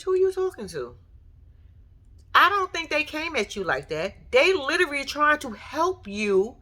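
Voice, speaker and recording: A woman's voice: high voice, bright, forceful tone. A woman giving blunt, profane reaction commentary in a casual vlog, talking straight at the person on the show. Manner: blunt, profane, sassy, talks straight at the TV figure. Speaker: reaction vlogger.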